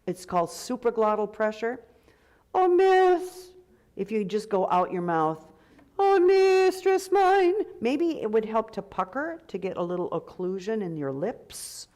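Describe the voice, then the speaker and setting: A woman directing a choir rehearsal. She gives direct commands and breaks into sung phrases to demonstrate. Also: mid-range voice. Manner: sings short phrases to demonstrate.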